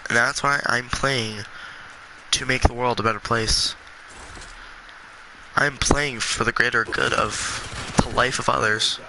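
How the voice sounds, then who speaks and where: A congested man talking earnestly and with passion in a gaming vlog, with halting restarts. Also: mid-range voice, noisy background. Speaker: gaming video creator.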